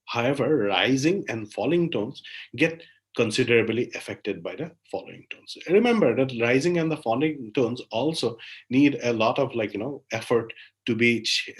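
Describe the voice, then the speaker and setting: A man giving an academic linguistics talk, explaining research step by step with frequent "like, you know" fillers and hesitations. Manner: frequent fillers "like, you know", pitch rising on new points. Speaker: linguistics lecturer.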